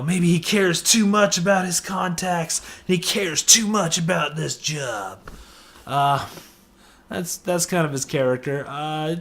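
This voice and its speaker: A man's voice: a little high, fairly bright tone. Chatty man reviewing a movie. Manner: rambling, many fillers and restarts.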